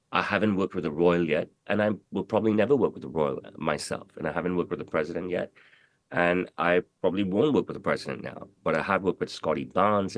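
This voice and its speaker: A man's voice: medium pitch, gravelly, dry recording. A man giving an interview in casual talk, swaggering and profane, rambling with lots of repeated fillers. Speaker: interview guest, tailor.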